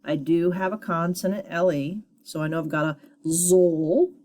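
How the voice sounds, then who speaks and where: A woman's voice: fairly low pitch, normal speed, a little mellow. A woman teacher giving a phonics lesson to children, patiently sounding out syllables and encouraging her students.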